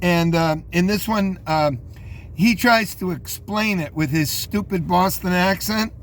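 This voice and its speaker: A man's voice: high voice, a little slow, fairly bright tone, a little hiss or hum. A man in his fifties hosting a casual commentary, rambling with many fillers and restarts. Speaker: host.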